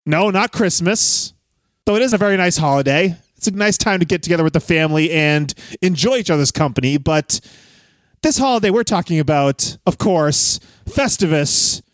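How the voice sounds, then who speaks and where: A man hosting a casual wrestling podcast, chatty and quick to laugh. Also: a little high, lively intonation, no echo. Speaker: podcast host.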